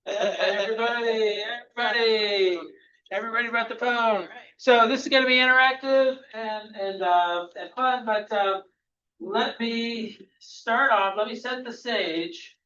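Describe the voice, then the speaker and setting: A man's voice: sits high, measured pace, sharp tone, dull audio. A man presenting at a camera club meeting, chatty and loose, with many restarts, talking to the room. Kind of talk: casual interactive presentation.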